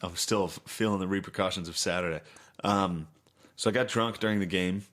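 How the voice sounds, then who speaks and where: Casting note: young man, low voice, loose drawling storyteller who swears a lot. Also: fairly even intonation, brisk, fairly bright tone. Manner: drawling, swears, acts out quotes. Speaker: podcast co-host. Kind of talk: casual crude chat, storytelling.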